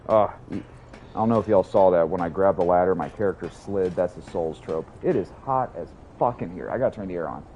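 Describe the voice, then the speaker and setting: Excited, profane male game streamer. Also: low voice, fairly quick, muffled recording, slight background noise. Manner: excited, profane, chatty with chat. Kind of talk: casual livestream chat. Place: hot room at home.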